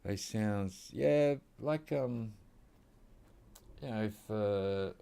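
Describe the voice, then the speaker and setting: Deep-voiced Australian man chatting while gaming. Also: extremely slow, creaky, dark tone, clean tone. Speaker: gaming channel host. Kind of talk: casual gameplay commentary.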